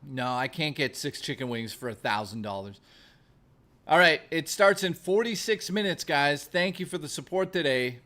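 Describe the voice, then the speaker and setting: A man's voice: on the high side, expressive, moderate pace, pushed and bright. Foul-mouthed streamer man riffing with chat. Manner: profane, joking, reading chat aloud. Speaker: streamer host. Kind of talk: casual livestream chat.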